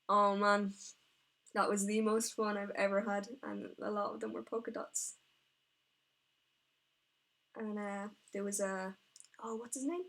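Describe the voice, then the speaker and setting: Chatty, excitable woman painting live. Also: medium pitch. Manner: chatty, excitable and rambling, often talking to herself. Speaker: miniature painter streaming her work. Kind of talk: casual live-stream chat while painting.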